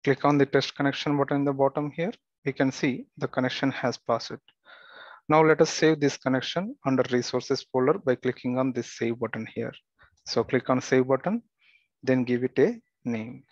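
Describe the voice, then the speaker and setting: A man teaching a software tutorial, giving steady step-by-step instructions with the odd filler and restart. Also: medium pitch, no room sound, highs cut off. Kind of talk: screen-recorded software tutorial.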